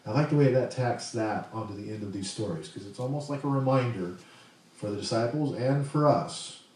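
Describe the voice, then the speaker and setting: A man's voice: medium pitch, brisk, a little mellow, heavy reverb, distant mic, rough recording. A man preaching a sermon in a conversational way, asking the congregation questions as he goes. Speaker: pastor.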